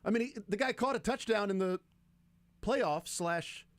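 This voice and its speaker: A man's voice: sits high, moderate pace, no room sound. A man hosting sports radio talk, rambling in a casual and enthusiastic way about favorite old players. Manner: rambling, enthusiastic, fond of nostalgic player picks.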